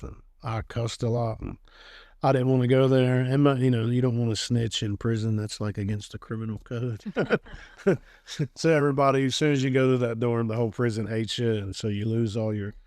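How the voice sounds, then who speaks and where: A man's voice: fairly low pitch, darkish tone, dry recording, clean studio sound. Rambling middle-aged man. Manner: rambling, laughs often, acts out quoted talk. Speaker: guest giving a testimony. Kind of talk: casual storytelling.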